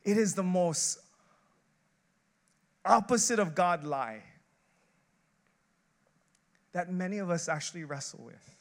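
A man's voice: high-pitched, slow pace, pauses often. A man, an associate pastor, preaching a sermon in a conversational, emphatic way, building his points through rhetorical questions and repeated short phrases.

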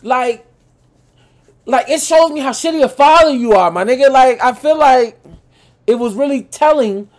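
A man co-hosting a podcast, telling animated stories in casual chat with plenty of profanity. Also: extremely high pitch, normal speed, pauses often. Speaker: podcast co-host.

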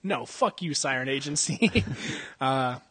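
Young guy podcasting from a gym, husky voice, swears nonstop and cracks himself up. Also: medium pitch, lively intonation, slow pace, a bit bright, no echo. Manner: profane, rambling storyteller who laughs often. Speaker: podcast co-host. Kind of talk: casual chat. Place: indoor jiu-jitsu gym. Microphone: podcast mic.

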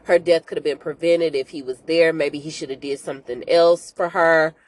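A woman hosting a podcast, recapping a TV series in a casual, animated, slangy way, often speaking to listeners as y'all. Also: low-pitched, moderate pace. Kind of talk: casual chat.

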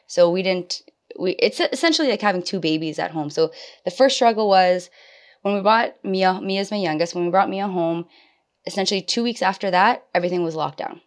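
Woman in her twenties, chatty podcast guest, slightly low voice, animated storytelling. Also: a little fast. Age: 20s. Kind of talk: casual podcast conversation.

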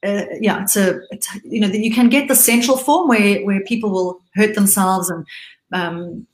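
A middle-aged woman from southern Africa, a guest speaking candidly in casual conversation, halting and restarting often. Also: mid-range voice, reverberant, low-quality recording.

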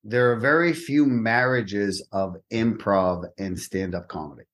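A man's voice: on the low side, unhurried. A man from Massachusetts, a comedian guest, telling profane stories in casual podcast chat. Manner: animated storytelling, profane.

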